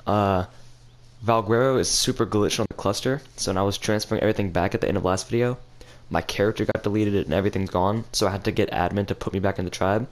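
A man's voice: fairly low pitch, fast talker. A young man with a cold and a stuffy nose, casually commentating a video game as he plays and thinks aloud. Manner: rambling, thinking aloud while playing. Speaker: gaming channel host.

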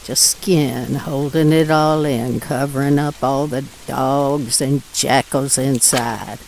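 A gravelly, destitute woman raging. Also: very deep voice, steady tone, takes it slowly, a little mellow, slight background noise, full character voice. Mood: brooding. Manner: furious ranting, drawling rural speech. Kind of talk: audio drama acting. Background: rain.

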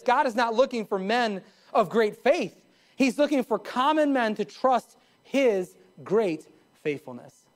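A male pastor preaching a live sermon in a church, emphatic, with sudden rises and drops in pitch and pace and chuckles at his own jokes. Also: a little mellow. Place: church sanctuary.

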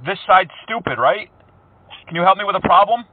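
A man's voice: high voice, expressive, fairly quick. A man making prank phone calls, talking in a mocking, teasing, playful way. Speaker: prank caller. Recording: tinny phone line.

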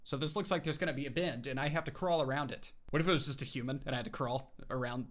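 A young man giving jokey gameplay commentary as a YouTuber, talking to himself and his car with sudden excited outbursts. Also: mid-range voice, fast talker, faint music behind. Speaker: gaming YouTuber.

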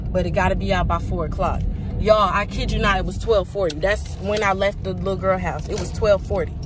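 A woman's voice: mid-range voice, noisy background. A woman chatting casually to her viewers in a family vlog, telling a story from her storage unit. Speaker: family vlogger. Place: storage unit, partly outdoors.

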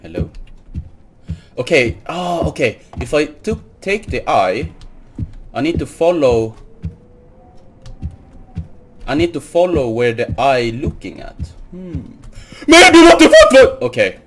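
A man's voice: mid-range voice, lively intonation, unhurried, slight background noise. Jumpy young man playing a horror game. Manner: jumpy, nervously repeats hello, swears when startled; keeps insisting he is not scared. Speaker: gaming video host. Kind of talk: horror game let's play commentary.

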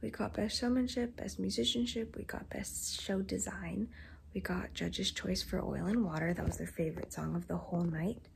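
Teen girl vlogger, hushed late-night recap, creaky low tones. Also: fairly even intonation, moderate pace, a little hiss or hum. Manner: talking quietly at night, half-whispered. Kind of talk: whispered casual vlog wrap-up. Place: home at night.

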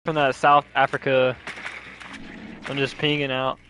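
A man's voice: mid-range voice, level tone, measured pace, fairly bright tone, low-quality recording. A laid-back man with a Southern US accent, swearing casually while chatting during an online game. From American South. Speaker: gaming teammate. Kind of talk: casual gaming chat.

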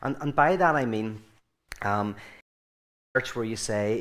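A man's voice: on the low side, expressive, moderate pace, fairly bright tone. An Irish man giving an informal talk to a group, rambling and often restarting his sentences, with a joking, storytelling manner. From Ireland. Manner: rambling, self-correcting, joking. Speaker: guest speaker.

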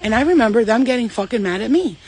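A woman's voice: fairly high pitch, animated, quick pace, a little mellow, husky. A woman speaking as a spiritual medium in a casual channeling vlog, rambling, emphatic and swearing freely.

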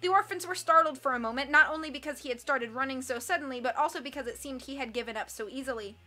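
A woman reading a storybook aloud, expressive and animated, acting out each character. Her voice sits high and sounds bright and sharp. Faint music plays underneath. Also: quick pace. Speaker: reader.

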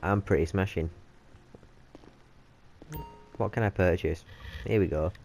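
A man's voice: deep voice, unhurried, creaky, a little mellow, soft background music. A man, swearing and joking constantly while commentating on his gameplay. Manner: sweary, joking, laughs often. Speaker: gaming channel host.

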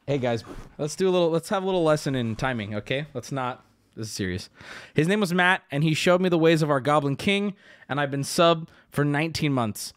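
A man streaming live, talking casually to his chat and swinging between loud outbursts and low mutters. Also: expressive, fairly quick. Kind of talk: casual livestream talk.

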